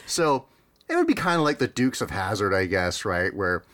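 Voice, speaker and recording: A man co-hosting a casual podcast chat, rambling and amused, with many fillers and quick laughs. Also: on the low side, very animated, fairly bright tone. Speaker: podcast co-host.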